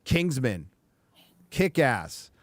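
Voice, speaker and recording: A man's voice: medium pitch, sing-song, drawn-out words, no echo. A man hosting a casual livestream talk show, emphatic and profane, with rambling asides. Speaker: show host.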